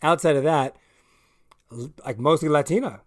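A man's voice: a little high, normal speed, dry recording, studio quality. A man co-hosting a casual chat, easygoing as he recounts how he met his wife.

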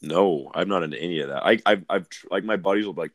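A man's voice: low-pitched, fast talker, hardly any pauses, no echo, clean studio sound. A man co-hosting a podcast, telling crude stories in casual chat and laughing often. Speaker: podcast co-host.

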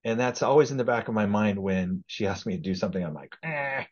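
A man's voice: fairly low pitch, fast, a little mellow, husky, dull audio. A man speaking earnestly as a podcast guest in a casual testimony conversation.

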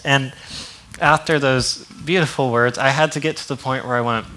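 A man's voice: mid-range voice, steady tone, moderate pace, pushed and bright, slight background noise. Chatty male pastor preaching. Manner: conversational, laughing, acts out quotes. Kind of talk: sermon.

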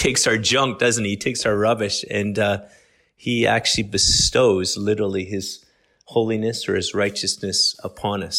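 Middle-aged man, slight Aussie tinge, lowish voice, easygoing podcast teacher who thinks aloud. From Canada. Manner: relaxed, conversational, many fillers and restarts. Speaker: guest speaker.

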